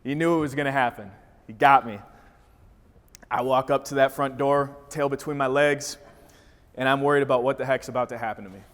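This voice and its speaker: A man's voice: medium pitch, steady tone, brisk, pauses often, fairly bright tone. A man from Wisconsin giving a motivational talk, telling a story with vivid energy. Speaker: speaker. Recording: reverberant hall.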